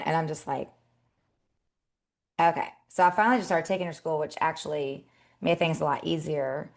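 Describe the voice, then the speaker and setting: A woman in her thirties co-hosting a podcast in casual chat, animated and acting out scolding her kids. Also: sits low, normal speed, gravelly, long pauses. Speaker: podcast co-host.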